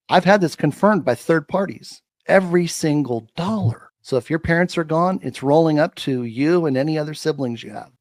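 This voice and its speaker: A man talks with the emphatic cadence of a preacher, hammering and repeating his points. His voice sits at an ordinary middle pitch. The sound is dry and close, with no room echo. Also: a little mellow. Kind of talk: preachy faith-filled commentary.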